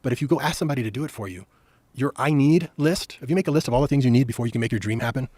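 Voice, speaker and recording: A man's voice: medium pitch, rapid-fire, darkish tone, no echo. A middle-aged man telling stories animatedly and emphatically as a podcast guest on a studio mic. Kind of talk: storytelling conversation.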